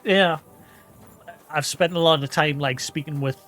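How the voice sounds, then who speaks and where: A man's voice: a little high, unhurried, fairly bright tone, faint music behind. A man with a Geordie accent chatting loosely on a live gaming stream, rambling with lots of "like" fillers and poking fun at himself. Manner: rambling and self-deprecating, with frequent "like" fillers. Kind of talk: casual live-stream chat while gaming.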